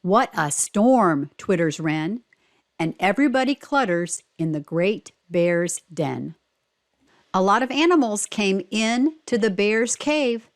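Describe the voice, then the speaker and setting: A woman reading a picture book aloud for children, slow and clear, stopping to ask simple questions. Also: medium pitch, lively intonation.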